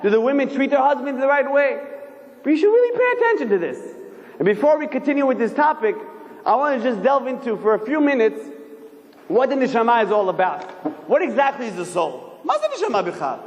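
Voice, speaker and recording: A man giving a sermon as a rabbi, animated and firing rhetorical questions at his listeners. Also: sits high. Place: synagogue hall. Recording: echoey hall, long reverb.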